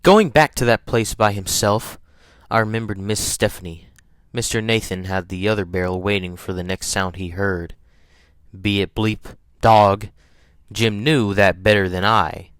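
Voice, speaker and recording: A man's voice: fairly low pitch, fairly even intonation, unhurried, a bit bright, smooth, no room sound, clean studio sound. A man reading a novel aloud in a casual, offhand way, stumbling over words and tossing in swearing asides. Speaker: reader.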